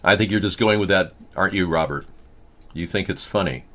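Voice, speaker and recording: A man's voice: low voice, fairly quick, fairly bright tone. A man hosting a casual political talk show, rambling from story to story with a joking, sarcastic manner. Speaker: host.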